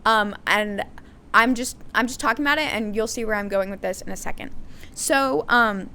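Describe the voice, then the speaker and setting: A woman's voice: mid-range voice, normal speed, bright, forceful tone, slight background noise. A young American woman hosting a solo podcast, talking candidly and thinking aloud with frequent ums and likes. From United States. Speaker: podcast host.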